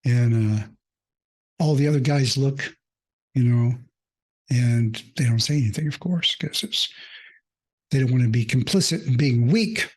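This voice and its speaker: Man, coach, unhurried personal monologue, reflective and openly emotional. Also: medium pitch, a little mellow, slightly rough. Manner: reflective, halting, with many fillers. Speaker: mindfulness coach.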